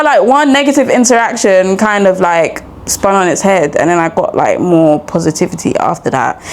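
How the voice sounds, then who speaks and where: A young woman, a sleep-deprived new mother, telling a rambling story in a casual vlog while walking outdoors. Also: medium pitch. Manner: chatty, rambling, animated retelling. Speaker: vlogger. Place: outdoors on a street walk.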